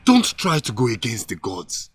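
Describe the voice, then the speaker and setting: An actor playing a young village healer who firmly tries to calm his mother, in a film drama. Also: mid-range voice, normal speed, slightly rough, dry recording, clean studio sound. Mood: restraining. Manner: firm, restraining. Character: young village healer man, sober and cautious. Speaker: healer, the woman's son. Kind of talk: Nollywood film acting.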